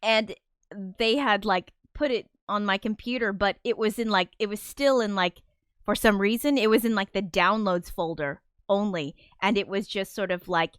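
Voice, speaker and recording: A woman in a casual livestream chat, rambling and self-deprecating, with frequent swearing and nervous laughter. She sounds flustered and anxious as she talks. Her voice is smooth and clear, recorded close and dry with no room sound. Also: medium pitch, moderate pace, fairly bright tone, no echo. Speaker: streamer and composer.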